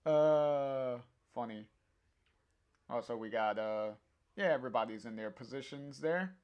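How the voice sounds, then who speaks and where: Slow, chatty young man reading aloud. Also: medium pitch, clear, resonant tone. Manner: chatty, laughs often, full of fillers and restarts. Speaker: comic reader on a livestream. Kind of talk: casual live reading and commentary.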